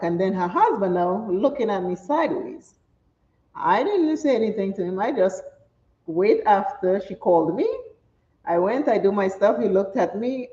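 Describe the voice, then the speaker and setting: A middle-aged woman, chatting and telling stories while doing her makeup, animated and laughing often. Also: mid-range voice. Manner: animated, laughs often, acts out quoted speech. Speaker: makeup vlogger. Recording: roomy, slightly dull home recording.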